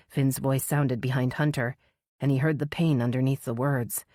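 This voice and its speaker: Woman narrator, very low voice, measured, dry close sound. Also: fairly even intonation, mellow, dry recording. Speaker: audiobook narrator. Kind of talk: scripted narration.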